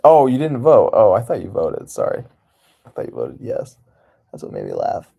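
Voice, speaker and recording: A man's voice: on the low side, wildly swooping pitch, normal speed, creaky, mellow, husky. A man hosting a livestream, talking casually and candidly in a rambling way, often laughing. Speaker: livestream host.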